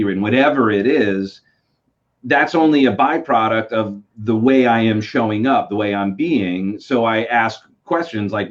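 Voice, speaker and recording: A man life coach speaking as an interview guest, reflective and searching for words as he explains. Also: lowish voice. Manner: reflective, searching, many restarts. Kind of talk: casual interview talk. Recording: slightly dull lo-fi sound.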